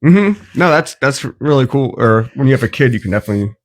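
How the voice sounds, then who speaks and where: Lively man reacting in podcast chat. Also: mid-range voice. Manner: quick reactive interjections, laughs along. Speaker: podcast co-host. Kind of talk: casual chat.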